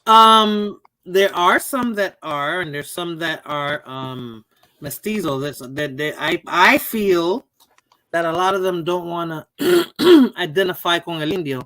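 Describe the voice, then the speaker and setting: Man from the northeastern US, high animated voice, casual bilingual storyteller. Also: takes it slowly, dry recording. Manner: animated storyteller, mixes Spanish and English. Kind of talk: casual chat.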